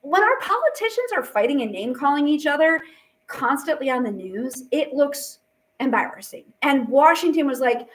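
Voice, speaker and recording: Woman teacher rambling thru a history lesson, high voice, lots of ums. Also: very animated, moderate pace. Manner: chatty, acts out quotes with fillers. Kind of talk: casual classroom lecture.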